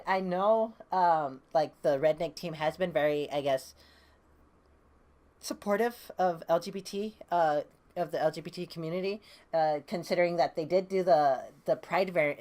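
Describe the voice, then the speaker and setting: A woman's voice: low-pitched, a little mellow. A woman reviewing a comic book issue, casually retelling the plot with lots of fillers and restarts, reading the characters' lines in her own voice. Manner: rambling, hesitant with many fillers and restarts; reads quoted dialogue in her own voice.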